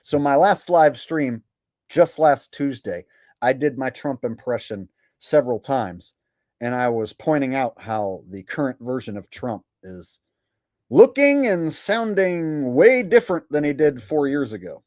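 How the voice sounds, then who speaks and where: A man's voice: medium pitch, big pitch swings, measured pace, darkish tone, no echo, clean studio sound. A man hosting a livestream in a casual, sarcastic rant, profane and boastful. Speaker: host.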